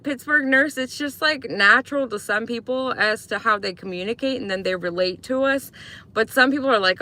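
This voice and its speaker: A woman live streams in a casual chat, talking with viewers and responding to their comments. Her voice is expressive and sharp at a moderate pace, and she's chatty, sometimes imitating sweet talk in a high voice.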